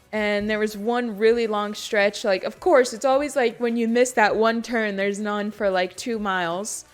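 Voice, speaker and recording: Chatty young woman streamer, filler-heavy. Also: medium pitch. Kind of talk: casual storytelling to a live stream. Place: basement of a house.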